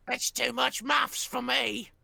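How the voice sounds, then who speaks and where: A player voicing a bumbling male royal cook in a rough, folksy put-on voice, in a tabletop game. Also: very high voice, fairly even intonation, slow pace, pushed and bright, exaggerated voice. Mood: boastful. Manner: rough folksy drawl, says "me ears".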